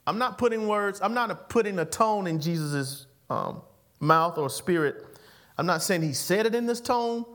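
A male pastor preaching a sermon, playful and animated, constantly calling the congregation to answer "amen". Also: sits high, moderate pace. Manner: animated, playful, calls for amens. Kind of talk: sermon with call and response.

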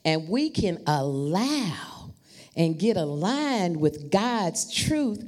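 A woman preaching a storytelling sermon, talking to the congregation in an animated, familiar way. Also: on the low side, drawn-out words. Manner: animated, addresses the congregation as y'all.

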